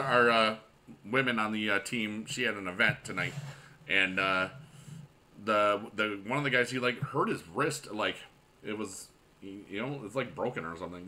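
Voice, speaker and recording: A man in his forties, a mobile game YouTuber, chatting casually and excitably while he plays, with goofy loud shout-outs to viewers. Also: medium pitch. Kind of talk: casual gaming commentary.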